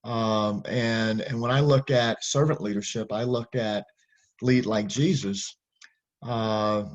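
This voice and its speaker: Low-voiced male host on dull lo-fi audio. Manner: measured, searching for words. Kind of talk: interview questions.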